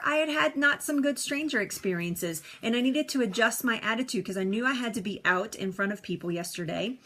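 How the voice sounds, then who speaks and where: A woman's voice: on the high side, bright, forceful tone. A woman coaching viewers on a live stream, upbeat and chatty, laughing often as she reads comments aloud.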